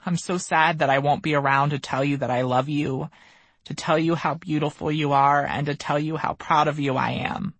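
A man's voice: fairly high pitch, fairly even intonation, normal speed, a bit bright, dry recording. A man voicing a young man with terminal cancer, frightened and tearful, pleading through sobs. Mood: tender grief. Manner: sobbing, pleading.

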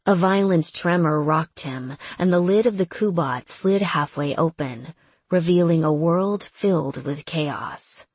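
Slow, husky woman narrating. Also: low-pitched, no room sound. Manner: measured, steady. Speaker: audiobook narrator. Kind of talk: scripted narration.

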